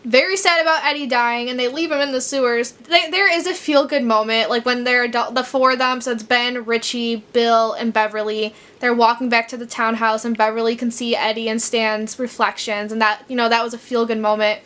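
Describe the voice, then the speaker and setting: A young Chicago woman chats casually in her book vlog, rambling, peppering her speech with "like," and getting teary at times. Her voice is a little high and a bit bright, with fairly even intonation, and she talks briskly with few pauses.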